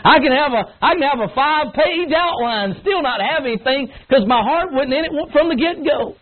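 Over a tinny, phone-like line with faint noise, a middle-aged man delivers a folksy, emphatic youth sermon as a pastor. His voice is very high-pitched, expressive and fairly quick, and he mimics whining kids with grunts.

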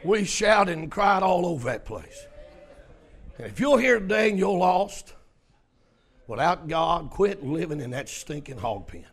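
Man, preacher, sermon storytelling, high voice, hushed to shouting. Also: sing-song, measured pace, vocal fry, slightly rough.

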